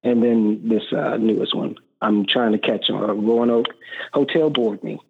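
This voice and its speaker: A man calling in to a comic book chat show, talking in an easygoing, halting way with frequent fillers. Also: lowish voice, steady tone, vocal fry, breathy edge. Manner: easygoing, hesitant with many fillers. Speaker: caller. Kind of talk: casual call-in chat. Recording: tinny phone line.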